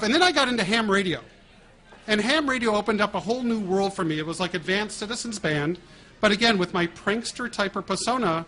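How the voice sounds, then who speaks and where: High-voiced man telling prank stories. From United States. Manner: animated storyteller acting out prank calls with laughs. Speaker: guest speaker. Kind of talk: storytelling talk.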